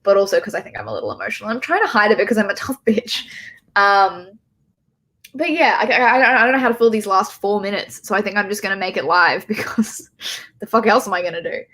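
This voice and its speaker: A woman's voice: mid-range voice, fast, a bit bright. A woman hosting a casual livestream, emotional and choked up, rambling and swearing with bursts of laughter.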